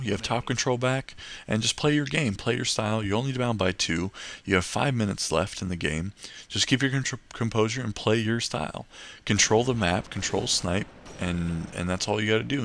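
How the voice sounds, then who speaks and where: A man's voice: low voice, creaky, fairly bright tone, a little hiss or hum. A young man giving casual, rambling gameplay commentary and tips, full of fillers and restarts.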